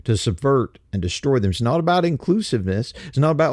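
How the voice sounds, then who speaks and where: A man's voice: big pitch swings, a little mellow, no room sound, studio quality. A man hosting a talk show, delivering an impassioned, indignant and mocking monologue that climbs to heated, emphatic peaks. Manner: climbs to heated, emphatic peaks, then drops low and slow. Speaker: show host.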